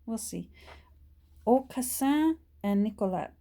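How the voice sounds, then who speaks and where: A middle-aged woman chats casually while working, showing a book haul to her phone and restarting sentences as she goes, dropping to a whisper while showing pages. Her voice is a little high and mellow, with lively intonation and a slow pace.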